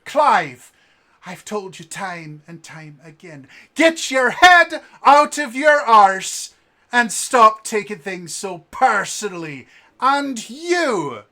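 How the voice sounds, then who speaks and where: A man voicing a furious, cold, commanding woman innkeeper who scolds and threatens as she shouts from off-mic. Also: high voice, sing-song, slow, voice pushed up, exaggerated voice.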